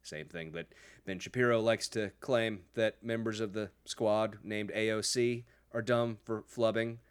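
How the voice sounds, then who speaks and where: A man's voice: fairly low pitch, steady tone, measured pace, clear, resonant tone. A man hosting a podcast, giving sarcastic, profane political commentary in a mocking tone. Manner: sarcastic, swears a lot, mocking. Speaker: podcast host.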